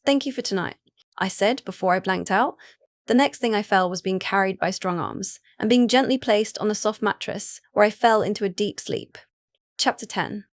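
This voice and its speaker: A woman narrating a first-person romance audiobook in an even, unhurried reading voice. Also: mid-range voice, dry recording, studio quality.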